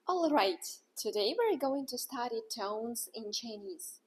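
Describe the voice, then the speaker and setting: A woman teaching in a scripted lesson, acting out each sound with exaggerated pitch. She speaks slowly, and her breathy voice sits on the higher side. Her intonation swings widely. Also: animated. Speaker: language teacher.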